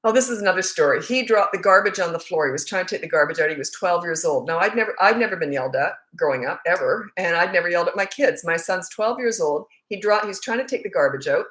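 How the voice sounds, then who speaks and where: A woman's voice: lowish voice, animated, fast, few pauses, a bit bright. Chatty woman parenting coach, laughing often. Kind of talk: casual livestream chat.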